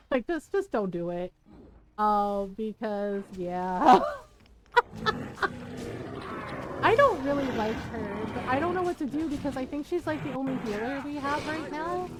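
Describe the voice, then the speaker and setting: A woman's voice: high-pitched, lively intonation, takes it slowly, pauses often, rough recording. A woman streamer chatting casually while she plays, rambling and giggling, with lots of "like" and "right?". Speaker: game streamer. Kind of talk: casual gameplay commentary.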